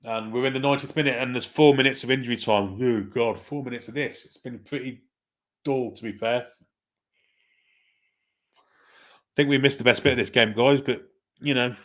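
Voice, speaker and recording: A man hosting a live football watchalong, calling the play in a relaxed, wry way and chatting with viewers. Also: medium pitch, normal speed, long pauses. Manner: laid-back, chatty, wry. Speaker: watchalong host. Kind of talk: casual live match commentary, reading chat.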